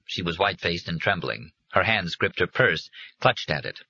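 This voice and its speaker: A man reading a novel aloud as an audiobook narrator, in measured scripted narration. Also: low voice, lively intonation, sharp tone, husky, no room sound. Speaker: audiobook reader. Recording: dry, dull lo-fi recording.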